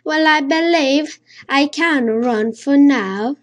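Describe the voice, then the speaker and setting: A woman's voice: high voice, takes it slowly. Jittery non-native woman gamer, swearing. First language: not English. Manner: jittery, swears a lot, hums nonsense to stay calm. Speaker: let's play gamer. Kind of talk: horror game commentary.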